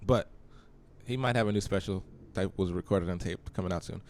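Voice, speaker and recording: A rambling male podcast host with a lower-pitched voice, joking around and cursing freely in casual conversation. He talks loosely and keeps his stories going between laughs. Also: brisk, a little mellow. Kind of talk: casual chat.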